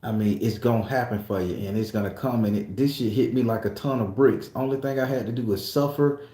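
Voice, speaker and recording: A man pours out a heartfelt personal story, swearing freely and pressing hard on his points. His voice sits in a mid range with a mellow, darker tone. The room around him rings with a noticeable echo. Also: mid-range voice, a little fast. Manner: profane, emphatic, emotional. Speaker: tattoo shop client. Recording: echoey room.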